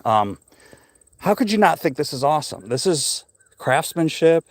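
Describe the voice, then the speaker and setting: A man's voice: on the high side, sing-song, moderate pace, dry recording, clean studio sound. Breathless middle-aged man chatting on a live stream. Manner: rambling, curious, chatty with viewers. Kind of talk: casual live-stream chat. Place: outdoors in a cemetery.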